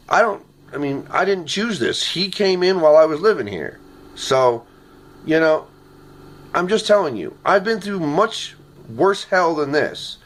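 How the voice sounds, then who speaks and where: A man's voice: on the high side, a bit bright. A man recording a rambling, earnest video message on his phone at home, often ending his sentences with "okay?". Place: his apartment. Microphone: phone camera.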